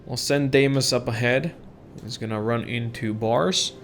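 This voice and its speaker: A man's voice: medium pitch, fairly even intonation, a little slow, fairly bright tone, slight background noise. A man hosting a casual let's-play, chatting and reacting as he plays a game. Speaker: gaming channel host.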